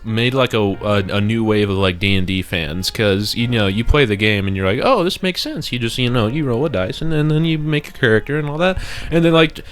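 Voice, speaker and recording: A young man co-hosting a casual podcast, talking loosely and breaking into playful shouts and laughs. His voice sits a little low. Faint background music plays under him. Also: fairly quick, hardly any pauses. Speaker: podcast co-host. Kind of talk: casual chat.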